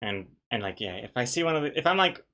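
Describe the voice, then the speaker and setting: A man's voice: mid-range voice, sing-song, quick pace, bright, forceful tone. A young man on a live stream, chatting casually while drawing a comic, reading out viewer messages and poking fun at himself. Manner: rambling, self-mocking, reads out chat messages and greets viewers.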